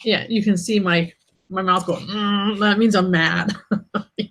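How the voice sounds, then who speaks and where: Bright-voiced woman, snarky live stream. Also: medium pitch, fairly even intonation, unhurried. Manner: irritated, snarky, laughs it off. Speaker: author hosting her own live stream. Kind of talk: casual live-stream chat.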